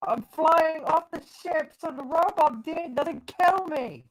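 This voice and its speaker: A woman's voice: sits high, slow, rough recording. A woman playing in a tabletop game, exclaiming and laughing often. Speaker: player. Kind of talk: tabletop role-play banter.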